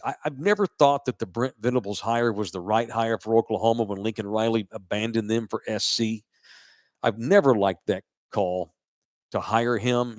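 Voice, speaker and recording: A man's voice: fairly low pitch, dry recording, clean studio sound. A man hosting a college football postgame podcast, blunt and opinionated, swearing freely in casual chat. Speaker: sports podcast host.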